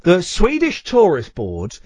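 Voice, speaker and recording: A man hosting a late-night radio phone-in, talking into a studio mic in a dry, close sound. His voice sits high for a man and swings widely up and down as he rambles, jokes and trips over his own words. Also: huge pitch swings, slow, darkish tone, no echo. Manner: rambling, self-correcting and playful. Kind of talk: casual radio talk. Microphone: studio microphone.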